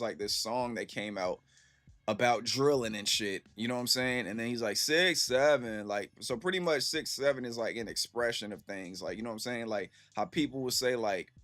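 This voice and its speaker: A man's voice: medium pitch, brisk, a bit bright, no room sound. A man in his thirties streaming and answering his chat in a rambling, slangy storytelling way full of fillers. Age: 30s. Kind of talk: casual livestream chat.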